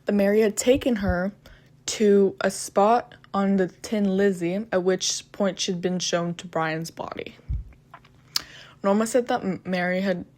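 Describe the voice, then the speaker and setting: Speaking at a medium pitch with fairly even intonation, this unhurried, somewhat mellow woman recounts a true crime story in an offhand way. Her delivery is halting, full of "um" and restarts, and she interjects crude, frank remarks.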